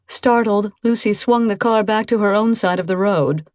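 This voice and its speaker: A woman narrating an audiobook in a measured, suspenseful reading on a close microphone. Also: medium pitch, darkish tone, no room sound. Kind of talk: scripted narration.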